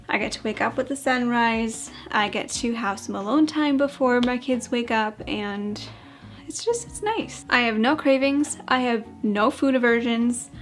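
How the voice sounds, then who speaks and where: A young woman gives a casual, candid vlog update, chatty and a bit out of breath. Her voice sits on the higher side, and soft music plays underneath. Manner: candid, chatty, with fillers and small laughs. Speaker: vlogger.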